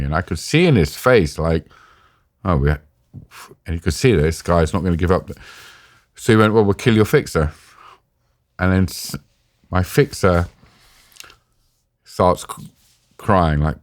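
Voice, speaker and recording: A British man, an interview guest, telling a personal story in a halting, emotional way, sometimes choked up. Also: deep voice, expressive, no echo. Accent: British English. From Britain. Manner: halting, emotional retelling with restarts. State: choked up at times.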